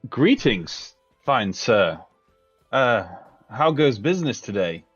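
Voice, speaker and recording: Man doing a charming halfling bard, flowery and theatrical, raised pitch, dull lo-fi sound. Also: very animated, slow, slightly rough, faint music behind, full character voice. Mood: courtly.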